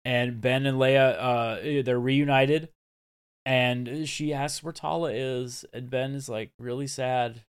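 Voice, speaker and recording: A man co-hosts a casual podcast. His voice sits at an ordinary middle pitch, and he talks eagerly and breezily, with the odd swear word, as he walks through an episode scene by scene. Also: fairly even intonation, slow, clean tone. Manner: enthusiastic, swearing, acts out scenes in quoted voices. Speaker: podcast co-host. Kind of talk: casual chat recapping a TV episode.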